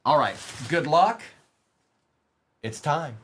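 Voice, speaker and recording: Hosting a livestreamed card break, a man speaks with a fairly high, expressive, fairly bright voice. He talks to chat viewers by name in a casual way and moves quickly through lists of player names.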